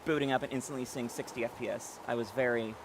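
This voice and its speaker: A man's voice: mid-range voice, steady tone, fast talker, background noise. A man streaming a video game live, chatting casually and reading viewers' messages aloud with many fillers and restarts. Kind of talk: casual live-stream chat while playing.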